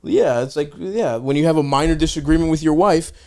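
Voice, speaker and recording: A man with a fairly high voice hosts a podcast in loose, casual chat. He laughs constantly, swears freely and fills gaps with "yeah, yeah". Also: brisk, mellow. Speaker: podcast host.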